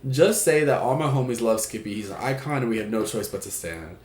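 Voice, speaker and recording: Hosting an advice stream from an echoey room, a Puerto Rican man keeps the casual chat joking and chatty, with offhand swearing. He sounds animated and brisk, his mid-range voice darkish in tone.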